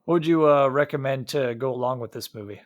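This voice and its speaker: Iowa dude rambling about an old movie, lots of uhs and restarts, dry mic. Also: male voice, mid-range voice, fast, no echo. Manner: rambling, many restarts and fillers. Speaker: podcast co-host. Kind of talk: casual movie chat.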